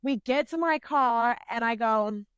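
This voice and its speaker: A woman's voice: a little high, measured pace, fairly bright tone, clean tone, dry recording, muffled recording. A woman in her twenties, a podcast co-host, casually telling a profane, self-mocking story with rambling fillers and restarts.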